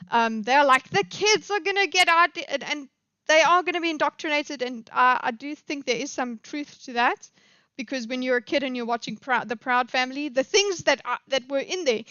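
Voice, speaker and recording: Rambling woman streamer, higher voice. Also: fairly bright tone, clean tone, no echo, highs cut off. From South Africa. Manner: rambling, opinionated, halting. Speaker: streamer commenting on a debate. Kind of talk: live stream commentary.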